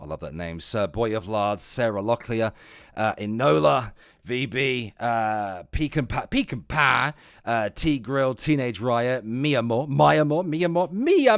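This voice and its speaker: A man chatting casually on a livestream, profane and rambling, jumping between loud outbursts and low muttering. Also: clear, resonant tone, no echo, clean studio sound.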